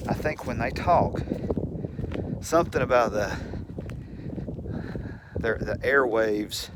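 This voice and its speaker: A man telling a rambling, folksy story to the camera and chuckling as he goes, recorded at home with a faint hum behind him. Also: mid-range voice. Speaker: channel host.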